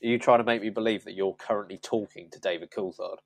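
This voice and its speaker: A man's voice: lowish voice, steady tone, fast talker, dry recording. A man hosting a podcast, chatting casually, teasing the others and steering them to the next topic. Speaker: podcast host. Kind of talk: casual chat.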